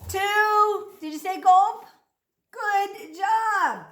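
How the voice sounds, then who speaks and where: A woman with a very high, bouncy voice leads a children's speech lesson, coaxing and praising as she slowly stretches out each prompt. Her unhurried delivery rings in an echoey room. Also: a little hiss or hum. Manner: animated, encouraging, slow over-articulated prompts.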